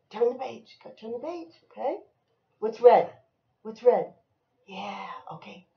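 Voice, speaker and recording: Woman, picture-book reading to a child, lively sing-song pitch, slow and coaxing, dull lo-fi home recording. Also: echoey room. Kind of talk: reading aloud to a young child.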